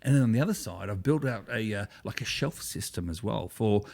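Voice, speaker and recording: A man's voice: fairly low pitch, animated, brisk, vocal fry, darkish tone. A man from Australia with an Australian accent, chatting casually as a podcast co-host and telling a rambling story full of restarts. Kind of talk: casual chat.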